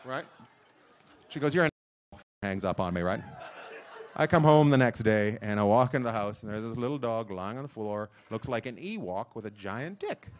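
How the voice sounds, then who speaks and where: A male stand-up comedian on stage before a live audience, telling a loud rambling story and acting out the voices of his wife and his dog. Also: fairly low pitch, expressive, moderate pace, a little hiss or hum. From lives in Long Beach, California.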